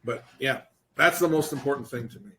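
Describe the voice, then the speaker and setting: A man co-hosting a casual podcast chat. He speaks in a reflective, halting way, circling back on his words and swearing now and then. His voice sits at an ordinary middle pitch for a man. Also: lively intonation, sharp tone, a little hiss or hum. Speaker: podcast co-host.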